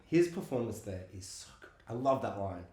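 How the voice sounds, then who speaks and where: Animated man riffing in a roomy echo. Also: lowish voice, brisk. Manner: animated, laughs often, acts out movie lines in silly voices. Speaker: podcast co-host. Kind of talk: casual movie chat.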